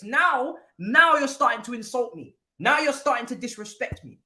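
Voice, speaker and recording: A man's voice: very high voice, lively intonation, moderate pace, few pauses, pushed and bright. A man with hosting a live football watchalong, angry and swearing in a repetitive rant.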